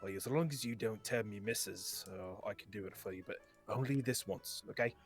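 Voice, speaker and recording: A man voicing a stocky, hearty male dwarf barkeep who talks in a gruff, folksy way with loud bursts. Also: on the low side, brisk, faint music behind, natural voice. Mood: conspiratorial.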